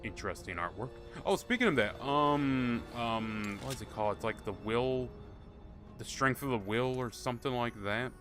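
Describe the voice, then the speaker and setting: A man's voice: medium pitch, lively intonation, normal speed, a bit bright. A man commentating casually on his own live gameplay stream, rambling and joking with plenty of swearing. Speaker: game streamer. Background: game music and gunfire.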